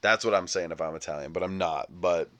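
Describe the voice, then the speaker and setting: A man's voice: low voice, fairly quick, bright, forceful tone. A young adult man hosting a comedic movie podcast, riffing sarcastically and acting out little scenes. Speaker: podcast host.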